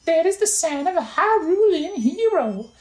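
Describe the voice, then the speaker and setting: Impa, a timid high nursemaid voiced by a woman. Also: big pitch swings, normal speed, roomy sound, low-quality recording. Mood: frightened.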